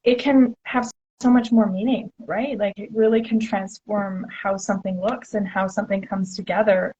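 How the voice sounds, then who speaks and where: Woman host, casual live chat, eager and gushing, mid pitch, lo-fi sound. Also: steady tone, moderate pace, darkish tone, breathy edge. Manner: enthusiastic, chatty, many "like" fillers.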